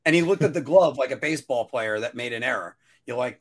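A man co-hosting a casual podcast chat, rambling and restarting his sentences, now and then jumping up into a high-pitched whine. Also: quick pace, a little hiss or hum. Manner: rambling, self-interrupting, animated with sudden high-pitched whining bursts. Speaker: podcast co-host.

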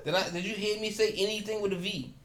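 A man in casual group chat, blunt and profane, ranting with quick jokes. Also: sits high, steady tone, a bit bright, a little hiss or hum.

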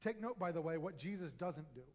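A man with a high voice preaches a conversational sermon and now and then acts out quoted voices with humor. His voice rings through a church hall with a long echo. The recording sounds dull and lo-fi. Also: expressive, fairly quick. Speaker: pastor. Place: church sanctuary.

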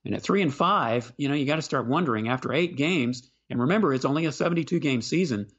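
A man co-hosting a sports podcast, talking basketball in a casual, halting way and often repeating words as he starts a sentence. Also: mid-range voice, expressive, fairly bright tone, slightly rough, highs cut off.

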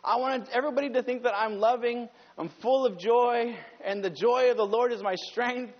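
A man preaching a conversational sermon as pastor, climbing higher and louder when he presses a point. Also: steady tone, normal speed. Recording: dull sound with long hall reverb.

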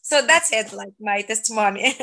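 A young woman from Egypt, sharing her faith testimony earnestly in halting, filler-filled English. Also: a little high, bright, forceful tone, poor audio. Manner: earnest, halting non-native phrasing with many fillers.

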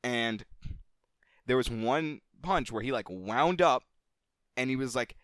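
A man co-hosting a podcast, telling a childhood story in a casual, animated way and swearing freely. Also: slow pace, clear, resonant tone, no room sound, studio quality. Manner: animated, gets louder and higher at the story's climax. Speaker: podcast co-host.

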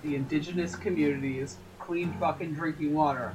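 A woman's voice: fairly low pitch, animated, moderate pace, faint music behind, low-quality recording. A woman co-hosting a casual podcast, blunt, sarcastic and profane. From Canada. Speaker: podcast co-host.

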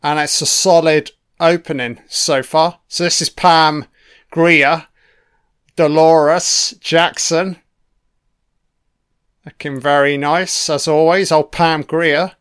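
Man, film commentary, swears constantly, slightly raised pitch, smooth clear voice, unhurried delivery. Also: steady tone, a bit bright. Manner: heavy swearing, chatty reactions.

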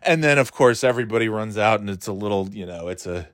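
A man's voice: fairly low pitch, quick pace, no echo, clean studio sound. Profane man ranting about basketball. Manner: profane, rambling, animated, laughs often. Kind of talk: casual sports rant.

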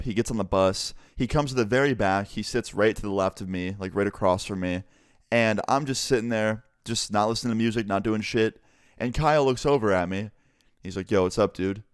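A man's voice: clear, resonant tone, no echo, clean studio sound. A young man casually telling a story from his school days, laid-back and swearing freely. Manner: laid-back, swearing, low-key delivery.

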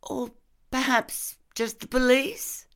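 A woman's voice: lively intonation, measured pace, a little mellow. Woman putting on flustered young Lindy. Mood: alarmed. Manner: blurting, high and anxious. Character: young woman kindergarten worker, blunt, flustered.

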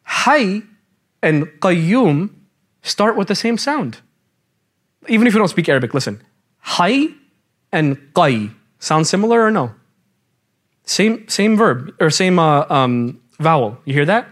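A man teaching a lively religious class, quizzing the students and mixing in casual slang. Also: fairly high pitch, moderate pace. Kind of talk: interactive classroom lecture.

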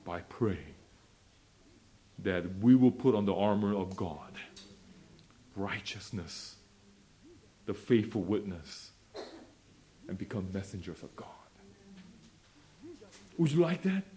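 A man preaching a sermon and leading a prayer, swinging between quiet asides and loud, fervent declarations. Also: low voice, slow, pauses often. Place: church fellowship meeting.

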